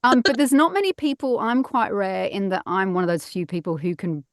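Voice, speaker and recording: This middle-aged woman, a voice actor appearing as a guest, talks a little fast at a medium pitch in a casual interview. She's self-mocking and laughs a lot, recording from a padded home booth with no echo.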